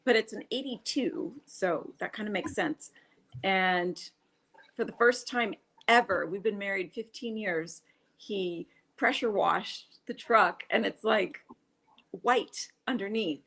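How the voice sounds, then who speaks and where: A woman's voice: mid-range voice, slow, vocal fry, a bit bright. Woman, middle-aged, livestream co-host, chatty, casual. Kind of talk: casual chat.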